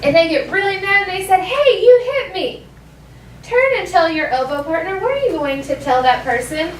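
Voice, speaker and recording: A woman teaching a classroom language lesson, modeling phrases slowly so students can echo them. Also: very high voice, expressive. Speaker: elementary school teacher. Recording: echoey classroom from far off.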